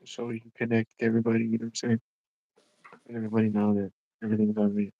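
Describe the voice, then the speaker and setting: A man's voice: on the low side, monotone, rapid-fire, dry recording, lo-fi sound. A man co-hosting a livestream, chatting casually and rambling with lots of fillers. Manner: rambling, filler-heavy, "you know what I'm saying". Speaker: livestream co-host. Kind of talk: casual chat.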